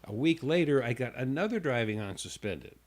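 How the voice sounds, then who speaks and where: A male radio host at middle pitch tells a long personal story in a casual, rambling way. He stumbles and restarts often and briefly acts out the other people in it. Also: big pitch swings, a little fast, darkish tone.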